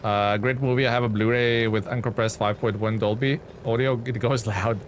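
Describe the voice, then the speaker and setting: A man's voice: medium pitch, fairly even intonation, normal speed, a little hiss or hum. A young man giving casual, rambling commentary while he streams a game and thanks viewers in chat.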